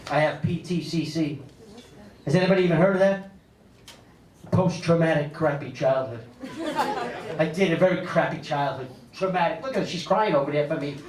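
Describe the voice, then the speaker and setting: A man, doing a stand-up comedy set on a club stage with animated storytelling and big pitch swings for punchlines. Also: moderate pace, long pauses. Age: 50s. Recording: echoey club audio, mic a bit distant, loud crowd laughter.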